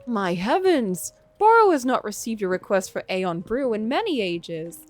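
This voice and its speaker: Woman voicing a formal, slow-talking creature shopkeeper. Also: mid-range voice, very animated, soft background music, close to an everyday voice. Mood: delighted. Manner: slow, polite, old-fashioned. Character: gentle formal male shopkeeper creature, speaks of himself in third person.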